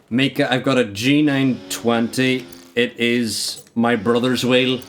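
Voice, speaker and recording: A man's voice: medium pitch, little pitch movement, slow. Joking, cursing male game streamer. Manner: joking and frustrated, swears at the game. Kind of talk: live-stream racing game commentary.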